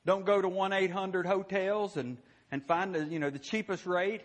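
A man's voice: sits high, fairly even intonation, moderate pace. A man voicing an exasperated male teacher, pleading and insistent with his followers during a sermon. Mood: instructing.

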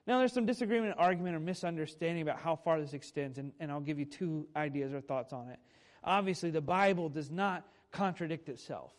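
A man in his thirties preaching a sermon in a conversational way, with dramatic pauses and frequent self-corrections. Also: on the high side. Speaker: pastor.

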